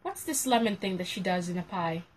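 A woman's voice: on the low side, animated, a little fast, breathy edge, low-quality recording. A woman from Kenya chatting casually as a co-host, with playful, dramatic complaints. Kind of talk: casual chat.

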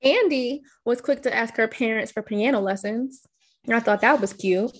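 Slightly high-voiced woman co-host, light and giggly recapper. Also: normal speed. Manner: narrates scene rundown, giggles often. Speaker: podcast co-host. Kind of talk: casual chat recapping a film.

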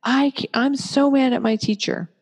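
A woman puts on a sulky teenager who snaps and whines at a parent, voice pitched up high and rising. The complaining is irritated and moody, and a long, lingering reverb trails behind every line. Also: steady tone, moderate pace, a little mellow. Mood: upset.

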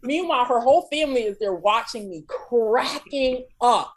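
A woman co-hosting a casual podcast, telling a funny story in an animated way and acting out her own panicked shouts. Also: on the high side, moderate pace, hardly any pauses, low-quality recording. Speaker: podcast co-host.

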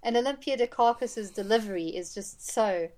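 A woman's voice: a little high, normal speed, background noise. A woman co-hosting a podcast, chatting animatedly about a film. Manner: animated, acts out quotes, laughs often. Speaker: podcast co-host. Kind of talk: casual chat about a film.

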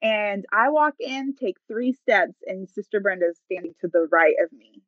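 A woman's voice: medium pitch, lively intonation, normal speed, dry recording, highs cut off. A woman guest telling her personal faith story with emotion, acting out the voices of people she quotes. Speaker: podcast guest.

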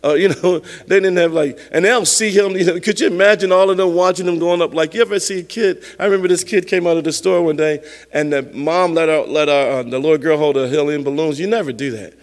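A man preaching a sermon with a high voice for a man. He speaks emphatically but conversationally, circling back and repeating words. His voice rings out with a long reverb, as in a large hall. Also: fairly even intonation, fast, hardly any pauses. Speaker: pastor.

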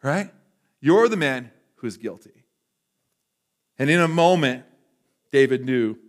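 A man's voice: medium pitch, lively intonation, unhurried. A man preaching a sermon, retelling a story in a conversational way and often restarting his sentences. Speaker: pastor.

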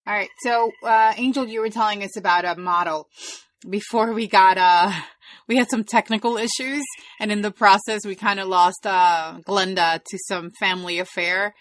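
A woman's voice: medium pitch, steady tone, moderate pace, a bit bright, dry recording. A middle-aged woman hosting a podcast, chatting casually and reflectively with fillers. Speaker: podcast host. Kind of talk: casual chat.

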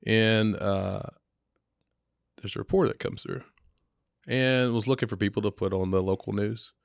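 A man's voice: fairly low pitch, steady tone, moderate pace, vocal fry, no room sound, studio quality. A man chatting casually, telling family stories with frequent laughter and acted-out quotes. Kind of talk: casual storytelling chat.

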